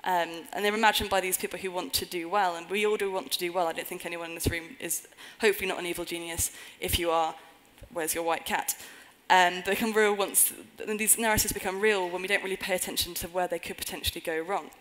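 Woman, conference talk, fairly low pitch, earnest, wry asides, stage before an audience. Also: steady tone, fast talker, hardly any pauses, fairly bright tone, poor audio. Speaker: conference speaker.

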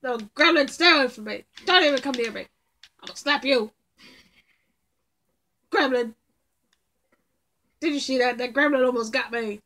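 A woman commenting casually on a game she plays with friends, excitable and quick to yell in reaction. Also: high-pitched. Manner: excitable, yelps and shouts in reactions. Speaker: gamer.

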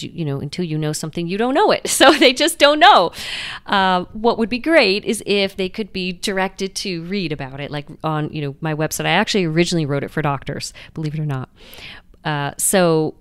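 A woman doctor explaining things in a smooth, low voice, lively and chatty, full of small restarts and "you know"s. The sound is dry and close. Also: no room sound. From United States. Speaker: guest doctor. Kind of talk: conversational interview answers.

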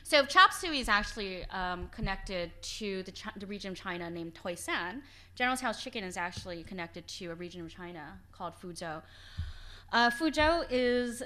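A woman author giving an informal lecture with slides, chatty and animated, laughing often and restarting her sentences. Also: medium pitch. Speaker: author giving a book talk. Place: library event hall.

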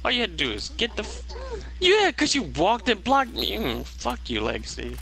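A man's voice: sits high, huge pitch swings, moderate pace, creaky, pushed and bright, poor audio. A young man giving live gameplay commentary, ranting and swearing in exasperation at his teammate. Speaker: gamer.

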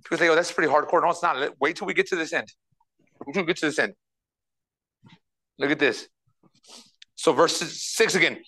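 A man preaching a sermon as pastor, reading scripture verse by verse and swinging between quiet asides and loud, emphatic passages. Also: on the high side, brisk, pauses often, low-quality recording.

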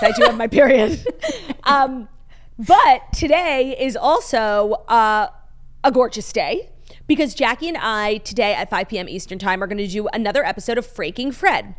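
A woman's voice: fairly high pitch, moderate pace. A young woman co-hosting a casual podcast, gushing and swearing freely, with lots of fillers. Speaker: podcast co-host. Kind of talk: casual chat.

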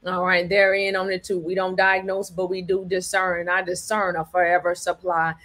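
A woman hosts a commentary talk in a fairly low, fairly bright voice, speaking at normal speed with a flat delivery. She's emphatic and preachy, acts out quoted lines and keeps checking in with listeners, repeating "all right" and "do you understand me."

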